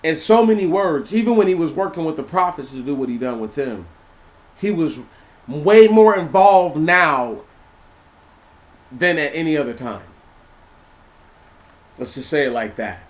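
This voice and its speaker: A young man with a somewhat high voice reads old scripture verses aloud, then stops to explain them in a loose, conversational way. He repeats words, restarts his sentences and keeps checking that his listeners follow him. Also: measured pace, pauses often. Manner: animated, repeats words, asks listeners questions. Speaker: Bible teacher. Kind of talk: informal Bible reading and commentary.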